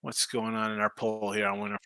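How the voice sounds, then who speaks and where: A man's voice: fairly low pitch, completely flat delivery, fairly quick, sharp tone, clear, resonant tone, no echo. A man hosting a sports betting live stream, rambling and thinking aloud in casual chat. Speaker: sports betting show host.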